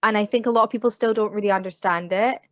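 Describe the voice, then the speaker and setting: British woman, young adult, English teacher, animated, emphatic, casual chat, dry close mic. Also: medium pitch, quick pace, no room sound. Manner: animated and emphatic, many "like" fillers. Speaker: ESL teacher and trainer, podcast guest. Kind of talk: casual podcast conversation.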